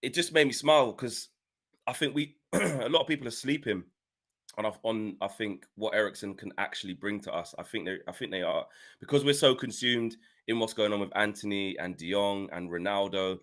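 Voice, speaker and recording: A man's voice: lowish voice, moderate pace, a bit bright. A man, making an earnest case about football on a casual podcast panel.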